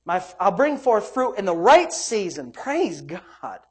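A man's voice: high-pitched, sing-song, measured pace, slightly rough. Fervent preaching man. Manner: fervent, exclaiming praise and hallelujahs. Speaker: pastor. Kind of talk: sermon.

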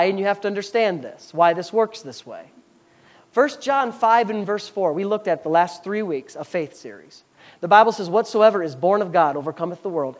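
Brief: pastor mid-sermon, reads verses slow, then presses points hard with questions and amens. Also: mid-range voice. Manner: preaching with rhetorical questions and call-outs to the congregation; reads scripture aloud slowly, then speeds up explaining.

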